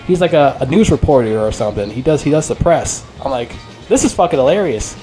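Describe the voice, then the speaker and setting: Rambling, excitable man swearing freely. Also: fairly high pitch, a little fast, faint music behind. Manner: rambling, profane, excitable, heavy use of filler words. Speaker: movie reviewer. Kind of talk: casual unscripted movie review.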